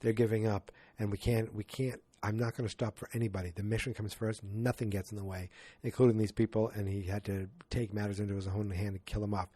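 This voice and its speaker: Guy podcasting about a movie, kinda low warm voice, rambly, does the characters' lines, dry close mic. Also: level tone, fast, breathy edge, no echo. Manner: rambling retelling with acted-out quotes. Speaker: podcast host. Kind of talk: casual movie recap.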